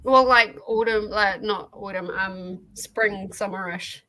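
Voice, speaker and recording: A woman chatting casually, with lots of "like" and pauses. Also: medium pitch, fairly even intonation, bright, forceful tone, low-quality recording. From New Zealand. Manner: hesitant, many fillers like "like". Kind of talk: casual chat.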